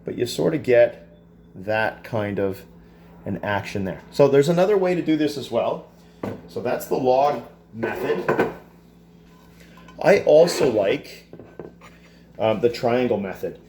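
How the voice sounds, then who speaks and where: A man walks through plating a dessert in a relaxed, chatty teaching voice, cracking small jokes at his own expense. His pitch sits in an ordinary middle range. A faint hum of noise runs underneath. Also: slow, long pauses. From Canada. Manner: relaxed, chatty, self-deprecating asides. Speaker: culinary teacher. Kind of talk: cooking demonstration. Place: school kitchen.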